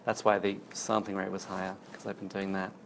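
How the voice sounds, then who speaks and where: Male lecturer with a gravelly, fry-heavy voice, thinking aloud through a demo; faint background noise. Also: deep voice, monotone, brisk. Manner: explains while demonstrating on screen, thinking aloud. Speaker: university lecturer. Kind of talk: recorded university lecture.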